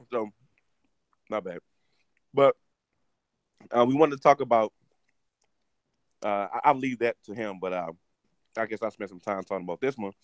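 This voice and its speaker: A man co-hosting a casual gaming podcast, talking in a halting way with many restarts and ums. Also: fairly low pitch, animated, fairly bright tone, no echo. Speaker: podcast co-host.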